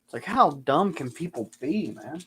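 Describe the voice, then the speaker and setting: A man's voice: fairly high pitch, expressive, moderate pace, slightly rough. A man chatting casually on a live stream, answering viewer questions and telling rambling, sarcastic stories.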